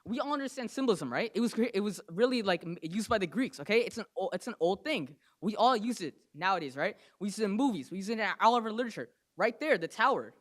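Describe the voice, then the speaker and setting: Speaking up at a council meeting, a young man from New Jersey makes an impassioned, rapid-fire comment, tacking "right?" and "okay?" onto his phrases. The voice is high-set and animated.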